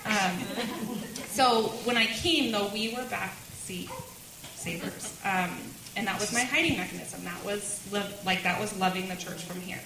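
Speaking a little slowly in a mid-range voice, a woman in her thirties gives her testimony to a women's church group in a meeting room, chatting and laughing frequently as she goes. The recording is roomy and has background noise.

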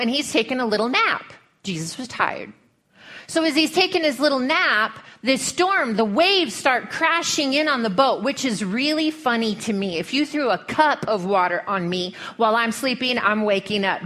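A woman's voice: on the high side, fairly bright tone. A woman preacher with a Western American accent, giving a folksy, humorous sermon full of storytelling.

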